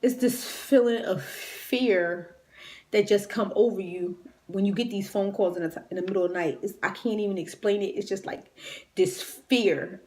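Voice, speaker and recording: A woman's voice: mid-range voice, darkish tone. A woman retelling a personal story in a raw, emotional, conversational way, grieving and near tears. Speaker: vlogger.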